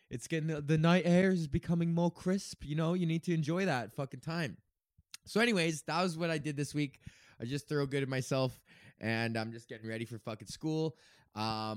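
A man's voice: a little high, no room sound. Podcast host, man around thirty, loose profane rambling, dry room sound. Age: 30s. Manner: profane, meandering, laughs often. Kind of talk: rambling casual monologue.

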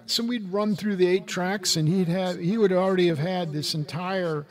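An older man reminisces at a wandering pace, breaking off and restarting his sentences. His voice sits a little high for a man. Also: fairly even intonation, normal speed. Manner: rambling, many restarts. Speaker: podcast co-host. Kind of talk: casual chat and reminiscing.

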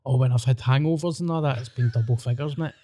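A Scottish podcast host tells crude stories in casual conversation, laughing often as he goes. His voice sits in the mid range and moves at a quick pace, animated throughout.

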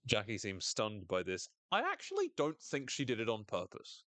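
A man's voice: on the low side, normal speed, no echo. A man with a British accent, a podcast co-host casually recapping a TV episode with lots of jokes and swearing. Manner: animated and sweary, jokes often.

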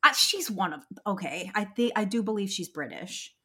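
A woman's voice: mid-range voice, expressive, normal speed, sharp tone, slightly rough. An American woman co-hosting a podcast in a casual chat, emphatic and gushing, restarting her sentences often. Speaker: podcast co-host.

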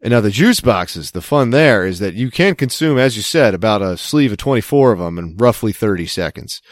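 A man's voice: fairly low pitch, lively intonation, fairly quick, dry recording, studio quality. A man co-hosting a podcast, rambling and joking in casual chat, swearing now and then. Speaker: podcast co-host.

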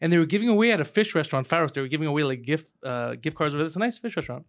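A man co-hosting a podcast, telling a story in a loose, animated way, swearing and laughing as he goes. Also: fairly high pitch, very fast. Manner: animated, swearing, laughs through his stories. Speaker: podcast co-host. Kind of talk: casual storytelling chat.

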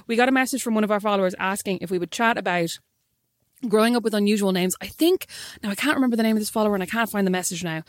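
A woman's voice: medium pitch, no echo, clean studio sound. A woman co-hosting a casual podcast with her sister, teasing and playful, laughing often. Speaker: podcast co-host. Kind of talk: casual chat between sisters.

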